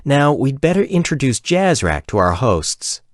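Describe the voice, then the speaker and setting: A man voicing a spirited, quick-tempered young woman adventurer in an audiobook, raising his voice to sound lighter. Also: mid-range voice, big pitch swings, no echo, studio quality, voice pushed up. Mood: bright.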